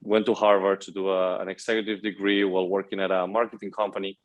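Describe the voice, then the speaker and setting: A man's voice: sits low, level tone, quick pace, highs cut off. A man in his twenties from Spain with a Spanish accent, speaking as a guest in a casual interview, upbeat and eager, often saying "you know". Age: 20s.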